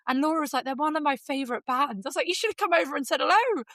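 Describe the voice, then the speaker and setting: A woman with an English accent, co-hosting a podcast and telling a story in casual, lively chat, jumping into high voices for quotes. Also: rapid-fire, dry recording. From England. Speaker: podcast co-host.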